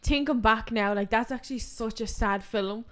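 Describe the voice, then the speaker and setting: A woman's voice: on the high side, moderate pace, crowd noise. A woman co-hosting a podcast, chatting casually with lots of fillers. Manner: chatty, filler-heavy, agreeable. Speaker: podcast co-host. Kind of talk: casual chat.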